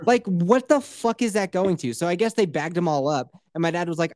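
A man's voice: fairly high pitch, moderate pace, darkish tone, dry recording, studio quality. A man in his thirties co-hosting a podcast, telling a crude story with lots of swearing and laughter, acting out other people's voices. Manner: profane, laughs often, acts out voices. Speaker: podcast co-host.

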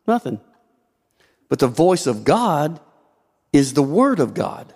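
A man's voice: a little high, sing-song, takes it slowly, darkish tone, husky. A man preaching a sermon as pastor, asking rhetorical questions and shifting his emphasis often. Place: church sanctuary. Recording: long hall reverb.

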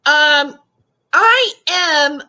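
A woman's voice: sits high, lively intonation, drawn-out words, pushed and bright. A young woman on an audio-only livestream, upset and close to tears, rambling and repeating herself as she rants at her chat and greets viewers. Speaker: YouTube livestreamer. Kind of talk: emotional livestream rant to chat. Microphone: audio-only stream, no face shown.

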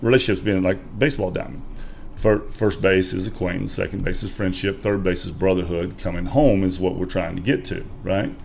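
A man's voice: low voice, brisk, creaky, a little hiss or hum. A man, a podcast guest, telling a personal story in casual chat and acting out quotes with energy. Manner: animated storyteller who acts out quotes loudly.

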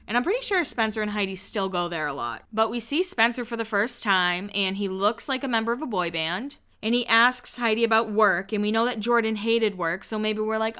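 A woman hosting a podcast, recapping reality TV in a chatty, snarky, animated way. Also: medium pitch, fairly quick, few pauses, clear, resonant tone. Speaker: podcast host. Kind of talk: casual reality-TV recap chat.

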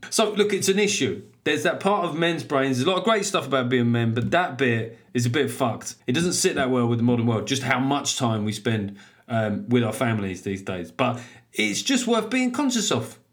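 Comic podcaster in his thirties, mid-pitched, shouty and self-deprecating. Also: normal speed. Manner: loud, animated, self-mocking, swears freely. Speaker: podcast host and stand-up comedian. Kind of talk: casual comic monologue.

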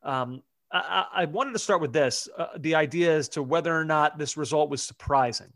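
A man's voice: on the high side, fairly quick, fairly bright tone, dry recording, studio quality. A man hosting a sports podcast, chatting casually and leading the discussion. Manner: conversational, leads the segment. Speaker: podcast host.

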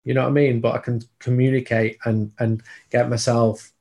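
A man's voice: medium pitch, flat delivery, moderate pace, gravelly, darkish tone. A man, a football journalist chatting casually on a podcast, digressive and prone to restarts.

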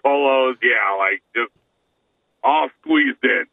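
A man's voice: mid-range voice, slow, creaky, dry recording. A man, co-hosting a podcast in casual comedy banter, rambling and restarting his sentences. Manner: rambling, self-interrupting. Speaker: podcast co-host. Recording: tinny phone-line sound.

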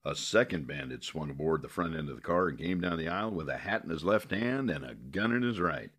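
Man, extremely deep voice, husky, gravelly, western audiobook narration. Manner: steady, measured storytelling.

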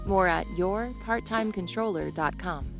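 A woman announcer reads sponsor credits in a smooth, promotional style. A music bed plays clearly underneath her. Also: fairly low pitch, measured pace. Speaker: station announcer.

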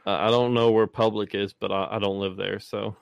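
A man's voice: on the low side, level tone, brisk, creaky, clear, resonant tone, no echo. Blunt Southern man, casual and profane. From Southern United States. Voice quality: profane, blunt, laughs often. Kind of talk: casual chat.

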